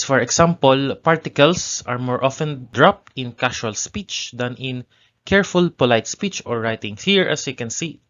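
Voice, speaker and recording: A man teaching a language lesson, explaining grammar step by step and repeating each example phrase slowly. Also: medium pitch, fairly bright tone, lo-fi sound.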